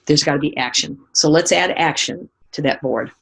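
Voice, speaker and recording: A middle-aged woman speaker giving a motivational seminar talk, telling lively stories and asking the audience direct questions. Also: sits low, moderate pace, hardly any pauses, breathy edge. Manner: animated storytelling, acting out remembered voices.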